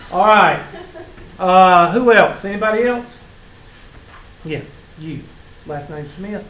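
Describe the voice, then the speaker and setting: A man's voice: high-pitched, animated, slow, a bit bright. A man with a Southern US accent teaching a college math class, chatting and telling sarcastic stories to his students. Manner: joking, sarcastic storytelling to students. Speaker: math instructor. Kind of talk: casual classroom lecture. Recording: echoey classroom with faint room noise.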